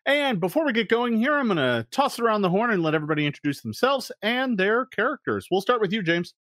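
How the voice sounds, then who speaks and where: A man's voice: high voice, big pitch swings, fast, fairly bright tone, no room sound, studio quality. A man hosting a tabletop game stream as game master, upbeat and welcoming.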